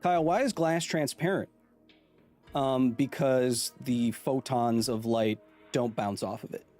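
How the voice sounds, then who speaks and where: A man's voice: medium pitch, a little slow, darkish tone, soft background music. A man in his thirties hosting a live stream, chatting casually and jokingly and reading out viewer comments. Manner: playful, joking, reads chat aloud. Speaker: host.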